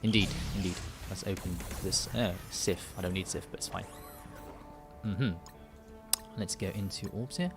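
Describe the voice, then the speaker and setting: A man's voice: deep voice, normal speed, long pauses, over music. Rambling, joking man on a game stream. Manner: rambling and joking, many restarts and fillers. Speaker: gaming livestream host. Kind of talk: casual live stream chat.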